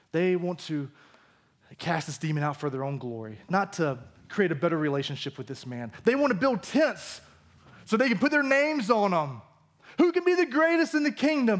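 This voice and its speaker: A male pastor preaching a sermon in a church, acting out the disciples' lines as he goes. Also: high voice. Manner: animated, acts out the disciples' lines.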